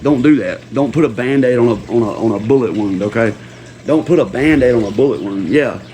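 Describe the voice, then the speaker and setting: A man's voice: medium pitch, fairly quick, warm tone, slight background noise. Man ranting angrily on a livestream. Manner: profane, slangy, repeats himself for emphasis. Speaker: livestream host. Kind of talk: heated livestream rant.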